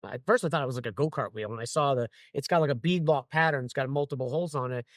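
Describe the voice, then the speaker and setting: A man, a guest on a talk show, telling a long story in a casual, lively way. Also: medium pitch, quick pace, no room sound, clean studio sound. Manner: lively, acts out other people's lines while telling a story. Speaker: guest metal artist.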